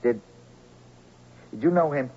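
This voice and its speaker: A man's voice: medium pitch, expressive, a little slow, husky. An actor playing an anxious young man who poses as a doctor and asks questions in a hesitant, coaxing way. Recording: slightly dull old radio recording with faint hiss.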